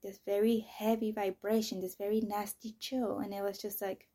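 A woman telling her own story in a candid monologue, talking softly, often near a whisper, blunt and profane. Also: medium pitch, level tone, normal speed.

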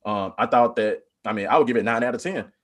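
A man's voice: mid-range voice, fast talker, a bit bright. A man in casual podcast discussion, rambling with many "like" fillers and bursts of animation.

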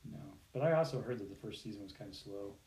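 A man's voice: on the low side, animated, quick pace, darkish tone. A man co-hosting a casual chat, rambling and correcting himself as he talks. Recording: echoey room with clear noise.

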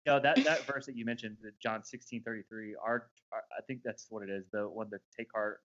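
A male podcast host speaks in a relaxed, conversational way. His voice sits on the low side. The recording is muffled and lo-fi. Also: a little fast. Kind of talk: conversational interview.

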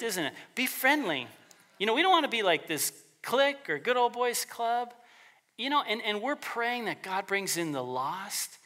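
A man's voice: high-pitched, bright, forceful tone. A man preaching a sermon as pastor in a conversational way, often acting out the voices of the people he quotes.

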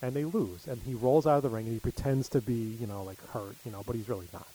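A man's voice: medium pitch, fast, mellow, slightly rough, low-quality recording. A middle-aged man telling stories in casual chat, full of fillers. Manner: rambling storyteller, many fillers.

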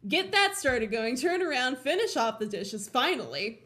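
A woman from Colorado hosting a podcast, telling a rambling everyday story in a casual, animated way, laughing often, swearing freely and acting out her own thoughts. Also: high voice, normal speed. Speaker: podcast host.

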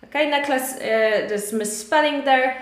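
A woman with a Polish accent runs a live online English lesson, chatting through corrections with plenty of fillers and steady encouragement. Her voice sits a little higher than most. The sound carries a noticeable echo from the room. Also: measured pace. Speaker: English teacher. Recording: echoey room.

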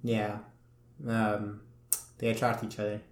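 A man co-hosts a casual podcast chat, chiming in with short, laid-back remarks. He speaks slowly at an ordinary pitch, and the sound is roomy and echoey. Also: monotone. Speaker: podcast co-host.

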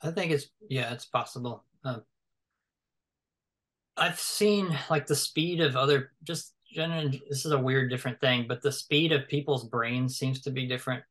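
A man's voice: mid-range voice, normal speed, fairly bright tone. A man talks in an easygoing conversation. He thinks aloud as he goes, full of fillers, restarts and loose asides. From American South. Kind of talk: casual conversation.

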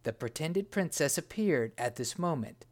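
A narrator reading a storybook in a slow, measured way. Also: medium pitch, animated, a little mellow.

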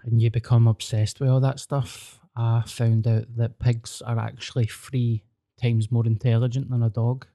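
Glaswegian guy rambling on his podcast, swears a lot, dry close mic, mid pitch. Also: flat delivery, normal speed, dark tone, no echo. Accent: Glaswegian Scottish. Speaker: podcast host. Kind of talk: casual podcast chat.

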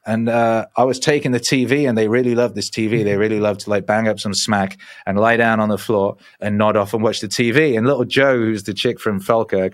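Speaking on the low side, he moves briskly with few pauses. He's a forties-aged musician guest in an informal interview, a lively storyteller whose tales wander and swear freely.

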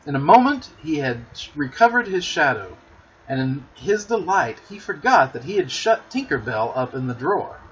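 A man narrating a storybook aloud with expressive, dramatic storytelling, on a muffled lo-fi recording. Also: a little high, moderate pace, a little hiss or hum.

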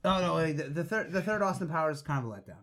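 A man's voice: a little high, expressive, very fast, a bit bright. A man co-hosting a casual podcast chat, laughing often and talking loosely with restarts. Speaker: podcast co-host.

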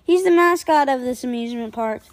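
Woman voicing a cheery bus driver, storybook read-aloud, announcing tone, high voice. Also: animated, a little fast. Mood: cheerful. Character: cheerful male bus driver and school worker.

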